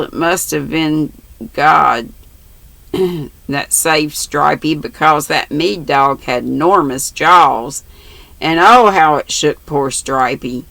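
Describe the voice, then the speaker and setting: A grandmother voicing an earnest, shy and blunt little boy who talks gravely in a storybook reading. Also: sits low, sharp tone, no room sound, full character voice.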